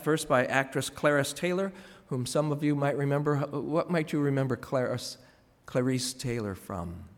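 A man giving a scripted tribute commentary, telling stories in a wry, measured way. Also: medium pitch, long reverb tail.

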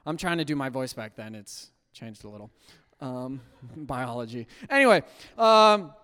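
A young man telling a funny personal story to a live audience, animated, often jumping into high squeaky voices to act out his younger self. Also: measured pace, clean tone. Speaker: storyteller speaking to a youth audience. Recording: long hall reverb.

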